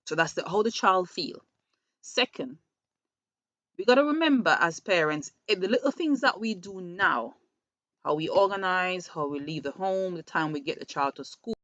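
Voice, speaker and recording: A woman's voice: on the low side, a bit bright, dry recording. A woman who works with schoolchildren gives earnest parenting advice, often repeating words as she restarts a thought. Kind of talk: advice talk. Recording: dull lo-fi dry recording.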